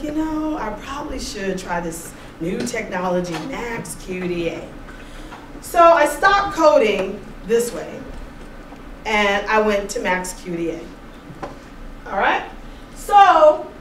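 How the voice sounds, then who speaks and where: A woman giving an informal seminar presentation to a room, chatty and animated, telling stories with laughs. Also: sits high. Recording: roomy echo, distant mic, faint noise.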